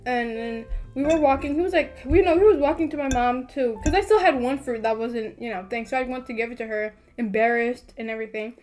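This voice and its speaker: High-voiced young woman telling a story. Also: fairly quick, hardly any pauses, soft background music. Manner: animated storytelling, lots of "like". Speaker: podcast co-host. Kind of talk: casual storytelling chat.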